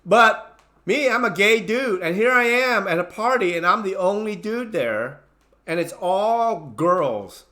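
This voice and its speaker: A man telling a funny personal story in a casual, animated way. He stumbles through restarts and fillers and slips into the voices of people in the story. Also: high-pitched, unhurried. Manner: animated, acts out his own panicked lines; many fillers and restarts, non-native grammar. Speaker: channel host telling a story.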